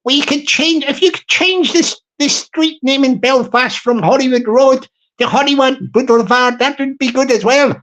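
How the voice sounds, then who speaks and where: A man playing an eager fellow pitching a money-making idea at a council meeting, excitable, repetitive and giggling. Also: moderate pace, few pauses. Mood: excited.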